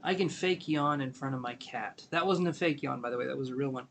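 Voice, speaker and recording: A man giving a live tarot reading, talking gently and meanderingly with many fillers, sleepy and yawning. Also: mid-range voice, a little fast, vocal fry, slight background noise. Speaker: tarot reader.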